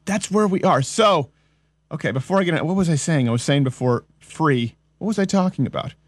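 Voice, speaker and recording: Husky, high-pitched man ranting sarcastically. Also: lively intonation, fairly quick, no room sound. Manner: sarcastic, mock-incredulous; ranting, rambling. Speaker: podcast host. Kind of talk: comedic political commentary.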